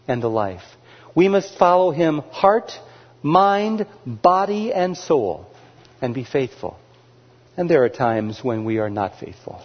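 A man preaching a sermon as pastor, in a measured, emphatic way, repeating key phrases for weight. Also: a little high, big-room sound, muffled recording.

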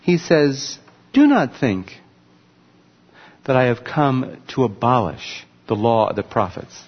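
A man with a mid-range voice preaches unhurriedly, teaching emphatically while using a laser pointer on a screen. The recording sounds muffled, with a long hall reverb.

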